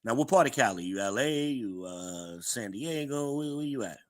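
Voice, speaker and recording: A man's voice: mid-range voice, expressive, normal speed. A man hosting a podcast livestream, chatting casually, reading out comments and laughing often. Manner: chatty, reads chat aloud, laughs often. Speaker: podcast host.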